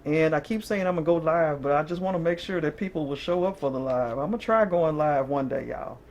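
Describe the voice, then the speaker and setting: She reads tarot to camera in a casual, chatty way, frequently asking listeners "okay?" and letting out short laughs. Her voice sits low, moves a little fast and has a darkish tone, with slight background noise.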